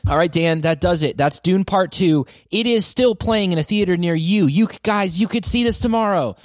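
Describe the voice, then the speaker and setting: A man in his forties hosting a casual podcast, talking about a film in an animated, rambling way. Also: high-pitched, normal speed, no room sound, studio quality. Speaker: podcast host. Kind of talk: casual movie review chat.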